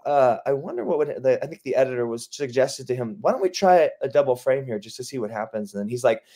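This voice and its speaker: A man's voice: medium pitch, lively intonation, fast talker, dark tone. Enthusiastic man recounting set stories. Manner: enthusiastic, quoting others with laughs. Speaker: film director guest. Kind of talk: casual interview anecdotes.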